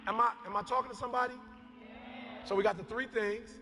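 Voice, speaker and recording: A man preaching an impassioned motivational sermon, shouting, repeating phrases and calling on his listeners. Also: very high voice, fairly even intonation, fast, crowd noise. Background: background music.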